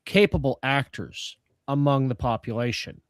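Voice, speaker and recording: A man's voice: medium pitch, moderate pace, clean tone, no echo, clean studio sound. A man co-hosting a casual film review chat with a sarcastic, wry manner. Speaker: podcast co-host.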